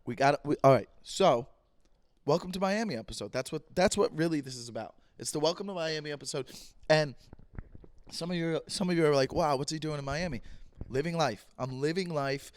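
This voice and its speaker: A man's voice: fairly high pitch, fairly quick, dry recording. Rambling joking man hosting a podcast. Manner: rambling, jokey, repeats himself. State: voice a bit rough, clearing throat. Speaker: podcast host. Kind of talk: casual solo podcast monologue.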